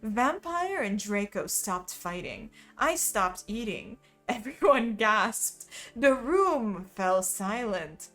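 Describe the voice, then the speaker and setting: A woman's voice: medium pitch, very animated, slow pace, few pauses, a bit bright, soft background music. A woman streamer reading a fanfiction aloud in a comedic dramatic style, amused and often laughing.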